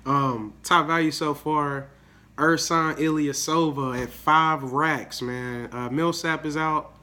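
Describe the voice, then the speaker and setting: Young male host, slightly sick, bright forceful voice, slangy hype talk. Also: a little high, fairly even intonation, slow. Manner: hyped, slangy, repeats words and says "man" often. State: a little sick. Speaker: daily fantasy sports video host. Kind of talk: casual solo video commentary.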